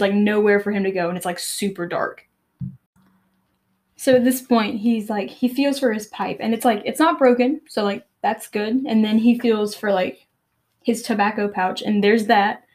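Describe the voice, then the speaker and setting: A woman's voice: mid-range voice, a little mellow. A woman podcast host casually retelling a novel and reading passages aloud, chatty and full of fillers. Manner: chatty, filler-heavy with frequent laughs.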